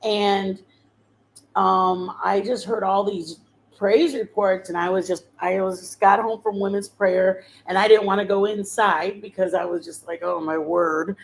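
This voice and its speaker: A woman's voice: medium pitch, steady tone, unhurried, rough recording. A woman hosting her channel, telling a personal testimony in a rambling, heartfelt way with many fillers and restarts. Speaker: channel host sharing a testimony. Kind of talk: emotional personal storytelling.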